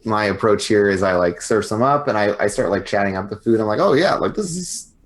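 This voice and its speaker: A man's voice: on the low side, fast talker. A man playing a tabletop game, describing his moves in a casual, sardonic way. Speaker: player.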